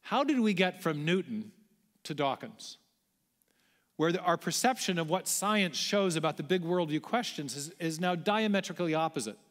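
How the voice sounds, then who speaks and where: A man's voice: fairly high pitch, expressive, moderate pace, a bit bright. A man giving a public lecture to a large audience in a church auditorium, explaining in a conversational way with the odd light aside. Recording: echoey hall.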